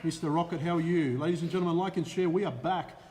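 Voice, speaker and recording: In what sounds like a large hall, an Australian man with a slightly high voice talks fast while co-hosting a casual racing live stream. Energetic, he rattles off viewer names with lots of "uh" in between.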